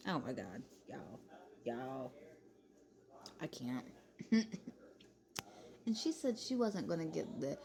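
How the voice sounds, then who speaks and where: A young woman talks in a chatty commentary style. Her voice sits low and has a gravelly fry. The tone is dark and mellow, and she breaks into laughter often. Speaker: commentary vlogger. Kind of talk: casual commentary chat.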